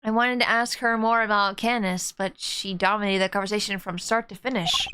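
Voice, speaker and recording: A woman streaming a game live, excitable and laughing as she comments and reads lines aloud. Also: mid-range voice, a little fast, background noise. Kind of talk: live let's-play commentary. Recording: game music under the voice.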